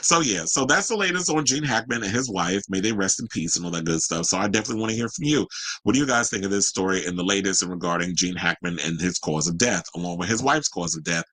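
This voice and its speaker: A man's voice: deep voice, expressive, fast, fairly bright tone, rough recording. A man hosting a casual solo pop culture commentary show, chatty and sassy with rambling asides.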